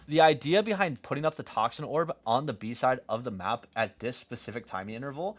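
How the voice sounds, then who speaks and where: A man's voice: medium pitch, animated, brisk, few pauses, fairly bright tone. A young man giving blunt, profane, teasing critique as he coaches a player over a live stream. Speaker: game coach.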